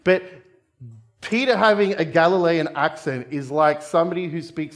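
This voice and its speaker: Earnest Australian preacher, slightly high-pitched. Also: male voice, normal speed. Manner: conversational, addresses listeners as guys and friends. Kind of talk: sermon. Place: church.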